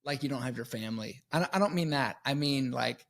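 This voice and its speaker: A man co-hosting a podcast, chatting casually and jumping in with animated jokes and questions. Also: mid-range voice, brisk, vocal fry. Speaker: podcast co-host. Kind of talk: casual chat.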